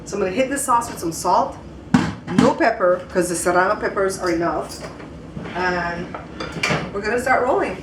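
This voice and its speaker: A woman's voice: mid-range voice, moderate pace, pauses often, very noisy. Chatty woman hosting a home cooking show. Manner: chatty, repeats words, addresses viewers as guys. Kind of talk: casual cooking chat.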